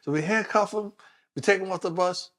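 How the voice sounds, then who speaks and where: A man, a former detective from New York, telling stories in a casual interview, animated and acting out what people said. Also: high voice, a little fast. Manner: animated storyteller acting out quotes with laughs. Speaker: guest, former police detective.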